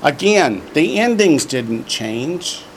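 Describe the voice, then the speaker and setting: A man's voice: on the high side, very animated, slight background noise. A man teaching a Hebrew class, drilling word forms for the students to repeat and slipping in jokes. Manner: slow, drawn-out drilling of words for repetition; joking asides. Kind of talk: classroom lesson.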